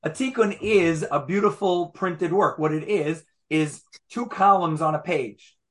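A man lecturing a study group at an easy pace. his voice sits a touch high, and he comes back to his points, restating them with small asides as he goes. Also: a little slow. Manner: patient, repeats phrases, fond of asides. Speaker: Torah teacher. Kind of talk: explanatory class lecture.

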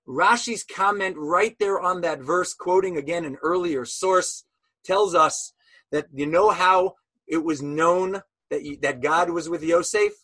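A man's voice: high voice, unhurried, pushed and bright, husky. A man teaching a Torah lesson as a sermon, telling stories animatedly and asking rhetorical questions.

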